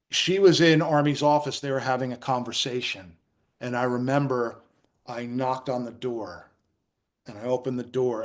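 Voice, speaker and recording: This casual interview guest is a middle-aged New Jersey man with a medium-pitched voice. He tells lively anecdotes, performs the quotes, and frequently restarts himself.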